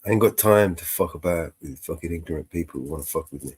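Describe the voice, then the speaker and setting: A man's voice: low-pitched, fast talker, darkish tone. A man co-hosting a live panel stream, blunt and rambling, swearing freely with lots of fillers. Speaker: livestream co-host. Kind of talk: casual live panel chat.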